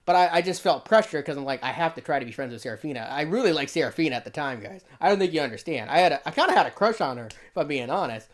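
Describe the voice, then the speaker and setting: A man's voice: a little high, animated, fast talker, hardly any pauses. A young man giving casual reaction commentary, defensive, laughing often and saying "bro" a lot. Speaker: YouTuber reacting to a video.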